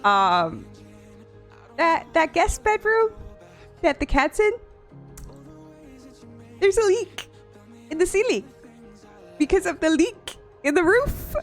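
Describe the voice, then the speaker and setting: Young woman streamer chatting slow and giggly, faint music behind. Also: very high voice. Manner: giggly, excitable, lots of laughing and whining. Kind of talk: casual live-stream chat. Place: home room.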